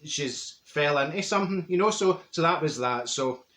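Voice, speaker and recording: His slightly high, expressive voice has a fairly bright tone and moves at normal speed, with a roomy sound. The man is doing a comedy character to camera, a talkative, plain-spoken middle-aged Glaswegian woman who wanders through gossip and mangles long words.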